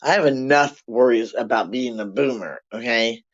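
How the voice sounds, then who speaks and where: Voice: mid-range voice, normal speed. Blunt profane older vlogger ranting. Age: 60s. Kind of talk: profane rant to camera. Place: apartment. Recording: dull lo-fi sound.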